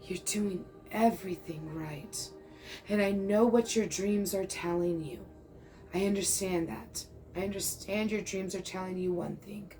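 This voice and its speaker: A woman's voice: on the low side, measured pace, dark tone, soft background music, low-quality recording. A woman in her thirties giving a casual tarot reading, chatty and reassuring, checking in often and now and then calling the listener "bro". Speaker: tarot reader.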